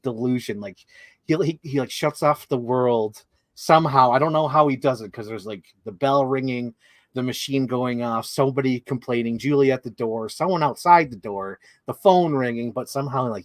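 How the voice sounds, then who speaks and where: Animated man gushing about a movie. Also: medium pitch, dry recording. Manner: animated, quotes lines in raised voices, swears, laughs often. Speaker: co-host. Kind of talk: casual movie chat.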